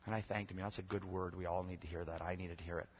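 A man preaching a sermon as pastor, moving between loud, emphatic exhortation and quiet, conversational storytelling. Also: deep voice, flat delivery, racing, a little hiss or hum. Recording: dull lo-fi sermon recording.

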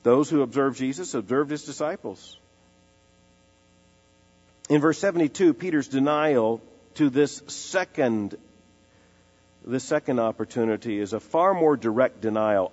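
A man preaching an expository sermon, emphatic, repeating phrases and slowing down to give them weight. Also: mid-range voice, darkish tone. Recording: dull lo-fi sound in a large reverberant hall with faint music.

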